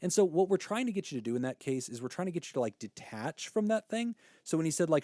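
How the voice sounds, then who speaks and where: A man co-hosting a therapy podcast, explaining ideas in an animated, casual way and laughing easily. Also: fairly high pitch, fast talker, hardly any pauses, no room sound, studio quality.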